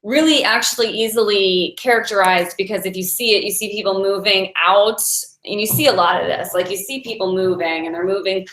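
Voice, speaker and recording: Woman in her forties, meditation teacher, chatty, laughs a lot, mid-pitched voice, roomy echo. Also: fairly even intonation, a little fast. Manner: chatty and warm, laughs often while telling stories. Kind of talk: casual inspirational talk.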